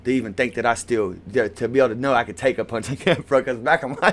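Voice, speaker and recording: A man's voice: medium pitch, fast, hardly any pauses, fairly bright tone. A man co-hosting a podcast, telling a fight story in a rowdy, profane way and laughing through it. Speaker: podcast co-host. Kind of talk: casual storytelling chat.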